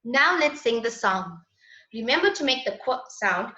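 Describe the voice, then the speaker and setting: A woman's voice: on the high side, sing-song, normal speed, pushed and bright. A woman teaching a children's phonics lesson in a patient, sing-song voice. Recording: echoey, dull lo-fi room sound.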